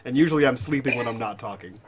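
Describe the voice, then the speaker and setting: A man chatting casually as a player in a tabletop game, loud and joking. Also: medium pitch, fast talker, a crowd in the background. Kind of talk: casual chat.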